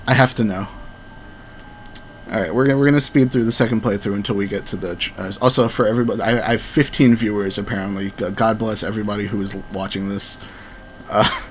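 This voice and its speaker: A man's voice: fairly low pitch, steady tone, brisk, long pauses, slight background noise, poor audio. A man giving casual, joking commentary while streaming a game, swearing and laughing easily.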